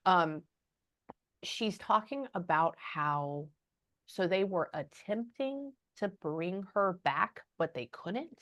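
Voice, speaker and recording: A woman giving a casual spoken reading as a psychic medium, often pausing and muttering "hold on" while she thinks. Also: sits low, expressive.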